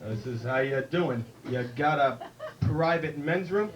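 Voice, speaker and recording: A man putting on the slow, drawling voice of a gruff older cowboy movie star, from a distant mic in a noisy club. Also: fairly high pitch, natural voice.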